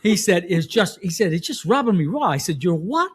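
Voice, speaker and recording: Animated older coach telling stories. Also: male voice, sits high, brisk, breathy edge. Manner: animated, laughing, acts out shouted quotes. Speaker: guest football coach. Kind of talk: casual storytelling.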